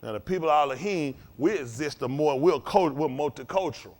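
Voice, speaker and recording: Man preaching, high voice, very animated pitch, emphatic repetition. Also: fairly quick. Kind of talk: fiery sermon.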